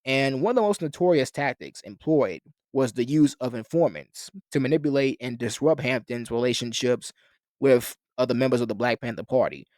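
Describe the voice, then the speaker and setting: A man delivers an explanatory history lecture in long, winding sentences, now and then restarting a phrase or adding a filler. His voice sits at an ordinary middle pitch, and the recording is dry and close, with no room sound. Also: animated, moderate pace, a little mellow, no echo. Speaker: lecturer on a philosophy channel.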